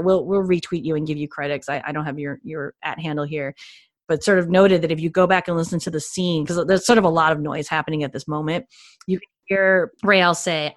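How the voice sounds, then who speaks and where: A woman's voice: on the low side, dry recording. Enthusiastic woman podcaster, dry sound. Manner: enthusiastic, gushing, frequent restarts. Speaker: podcast co-host. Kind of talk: casual podcast chat.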